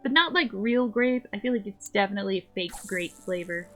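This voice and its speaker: A woman's voice: medium pitch, a little fast, pushed and bright, soft background music. A woman streaming a game, chatting casually in a playful, rambling way. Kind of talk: casual gameplay chat.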